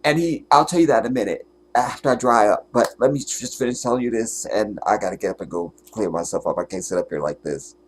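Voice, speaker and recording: A man's voice: on the low side, slight background noise. Tearful man on a fervent live stream. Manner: fervent, halting, drops to whispers. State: tearful, holding back crying. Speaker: livestream host. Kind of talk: emotional livestream monologue.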